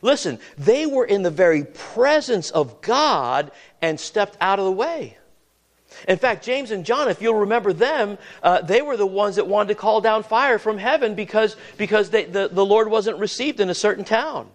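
A man's voice: sits high, animated, moderate pace. A man preaching a sermon as pastor, asking the congregation questions and often repeating words as he goes.

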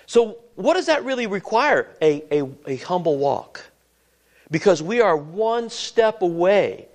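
High-voiced man preaching a sermon. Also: lively intonation, normal speed. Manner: repeats words and asks the congregation questions. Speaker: pastor.

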